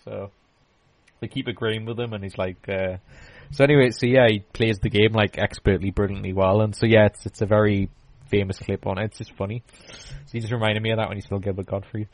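A man's voice: lowish voice, steady tone, fairly quick, dry recording, poor audio. A man hosting a podcast, chatting casually and rambling through stories with lots of restarts and fillers. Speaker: podcast host. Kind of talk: casual chat.

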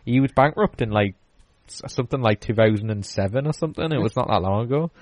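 A man's voice: mid-range voice, animated, quick pace, darkish tone, no room sound. Rambling man, dry close sound. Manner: rambling, many fillers and restarts. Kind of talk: casual chat.

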